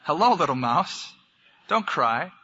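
A man doing an earnest, gentle little bunny. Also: fairly high pitch, sing-song, measured pace, husky, long reverb tail, heavily acted. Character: kind, lonely young male bunny, selfless. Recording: dull lo-fi recording.

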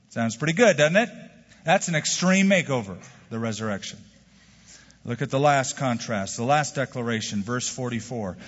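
Husky-voiced pastor preaching in a reverberant hall. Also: male voice, mid-range voice, moderate pace. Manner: animated preaching, rhetorical questions to the congregation. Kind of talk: sermon. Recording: dull sound with long hall reverb.

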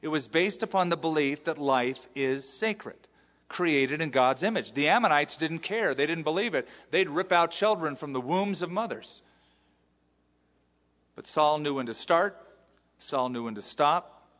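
A male pastor giving an animated sermon, acting out the quotes he reads. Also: a little high, measured pace, long reverb tail. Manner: animated preaching with acted-out quotes. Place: church sanctuary.

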